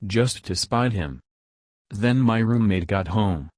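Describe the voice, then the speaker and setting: A man reading a creepy first-person story as a narrator, in a steady, measured way. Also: on the low side, no echo, clean studio sound.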